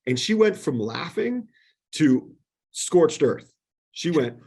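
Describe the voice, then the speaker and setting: A man in casual podcast chat, telling animated stories and acting out the exchanges he quotes. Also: fairly high pitch, measured pace, husky. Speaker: podcast guest.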